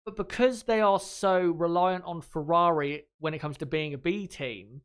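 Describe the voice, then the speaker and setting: A man's voice: a little high, moderate pace, smooth. A young man, hosting a casual live commentary, rambling frankly and swearing now and then. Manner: rambling, frank, swears freely, laughs easily. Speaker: channel host.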